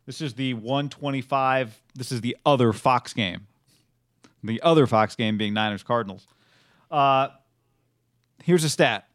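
A man hosting a casual sports betting show, walking through odds and stats in a measured, even way. His voice is mid-pitched and sounds dry and close. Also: dry recording. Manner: measured, reads stats and lines. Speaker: sports betting podcast host.

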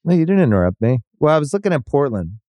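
A man's voice: on the high side, big pitch swings, fast talker, mellow, no echo. A man hosting a sports podcast, thinking aloud in casual chat with restarts and the odd swear. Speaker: podcast host.

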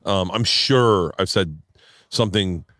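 A man's voice: deep voice, slow pace, fairly bright tone, dry recording, studio quality. A man hosting a podcast outdoors, rambling and oversharing in casual chat, swearing freely. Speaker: podcast host.

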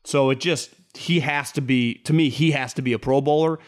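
A man's voice: medium pitch, normal speed. Rambling male sports podcast host. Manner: rambling, animated, quotes people in a raised voice. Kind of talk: casual sports chat.

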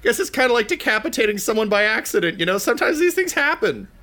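A man voicing an excitable lowly poop smith turned lord, eager and cheerfully callous. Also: fast, exaggerated voice. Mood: chipper.

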